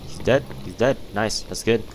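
A young gaming YouTuber with a lowish voice gives casual, jumpy commentary at a moderate pace as he plays. He startles easily and says "bro" constantly, and there's a little hiss or hum on the audio.

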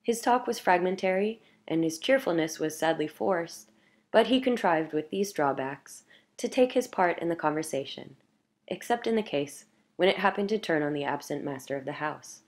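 A woman reading a classic short story aloud in a measured, clear narration. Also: lowish voice, lively intonation, a little mellow. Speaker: audiobook reader.

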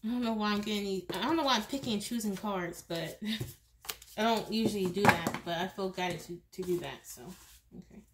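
A woman does a pick-a-card tarot reading against background noise, speaking to the viewer directly and chattily. Her mid-range voice is brisk, and she repeats herself, restarts sentences, and laughs often.

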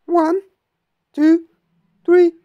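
A woman voicing a cheerful childlike penguin puppet in a children's educational video, shouting short eager answers. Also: very high voice, flat delivery, drawn-out words, lo-fi sound, exaggerated voice.

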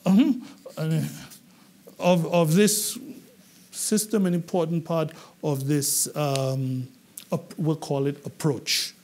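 High-voiced man teaching a class. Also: takes it slowly, a little hiss or hum. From England. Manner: animated, questioning the class, repeats words. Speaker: English public speaking trainer.

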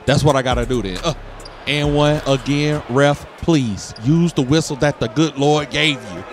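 Brief: young guy, gaming host, casual slang, gets loud on highlights, music in the background. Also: moderate pace. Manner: hyped, hollers and laughs at big plays. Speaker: gaming YouTuber. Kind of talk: excited gameplay commentary. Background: game music.

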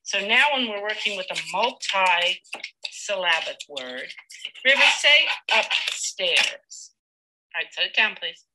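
A woman teacher leading a live demonstration lesson with a child, patient and encouraging, slowly sounding out words. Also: lowish voice, heavy background noise.

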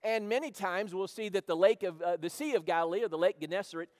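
A man preaching an evening sermon. He reads scripture aloud, stops to explain it, and moves between loud urgent calls and quiet prayer. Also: high voice, fast, long reverb tail. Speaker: pastor. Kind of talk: evening Bible-teaching sermon. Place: church sanctuary.

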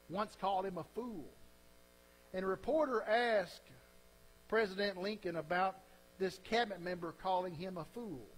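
A man's voice: high-pitched, a little hiss or hum, rough recording. A man preaching a sermon as a pastor, telling folksy stories and closing in earnest prayer.

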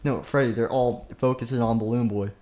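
A man's voice: mid-range voice, steady tone, fairly quick, dark tone, lightly acted. A man voicing a blunt, bossy male animatronic rabbit in a game machinima. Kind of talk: comedic game machinima voice acting.

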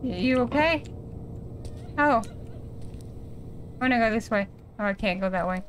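A woman's voice: fairly high pitch, lively intonation, normal speed, a little hiss or hum. A young woman commentating casually as she plays a horror game. She talks to herself in a chatty, jumpy way and reads out the game's lines. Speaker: gaming streamer.

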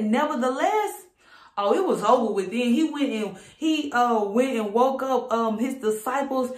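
A woman preacher giving a fervent sermon to camera, repeating her points and building excitement. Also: high voice. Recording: roomy echo.

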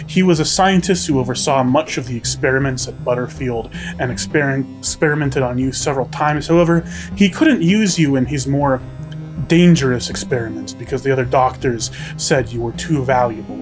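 A man running a tabletop game as game master, narrating scenes in a descriptive way with frequent filler words. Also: medium pitch.

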